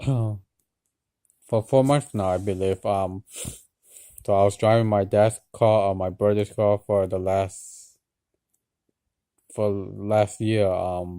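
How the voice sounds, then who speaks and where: Tired man, hesitant casual vlog delivery, mellow low tone, flat, dry close sound. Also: slow, pauses often, clean tone, no echo. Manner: hesitant, many ums and restarts, soft-spoken. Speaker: vlogger.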